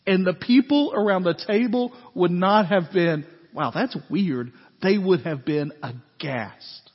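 A pastor delivering a conversational, animated sermon, often checking in with his listeners. His voice is high and a little husky. The recording is dull and lo-fi, with long reverb from a church sanctuary. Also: measured pace. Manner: conversational, animated preaching with asides to the congregation. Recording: echoey hall, dull lo-fi sound.

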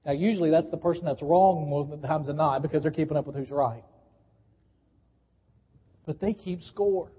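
Male pastor, high voice, emphatic sermon delivery that gets the congregation to respond, reverberant hall, muffled live recording. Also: normal speed, long pauses, breathy edge. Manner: emphatic, repeats key phrases, coaches the congregation to respond. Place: church sanctuary. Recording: dull live church recording with long reverb.

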